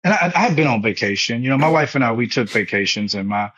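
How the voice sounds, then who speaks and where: A man's voice: mid-range voice, expressive, fast, fairly bright tone, highs cut off. A man in his thirties, a former pastor, telling his own story with emotion and repetition in an interview. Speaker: guest, foundation founder and former pastor.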